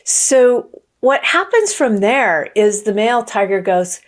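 A woman's voice: on the high side, big pitch swings, slow pace. A woman giving a motivational talk and telling a fable in an earnest way, with frequent restarts. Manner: earnest, many restarts and fillers. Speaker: motivational speaker.

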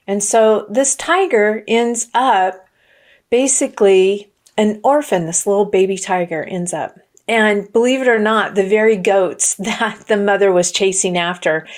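A woman's voice: medium pitch, a little slow. Earnest woman telling a fable. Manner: earnest, many restarts and fillers. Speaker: motivational speaker. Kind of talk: storytelling motivational talk.

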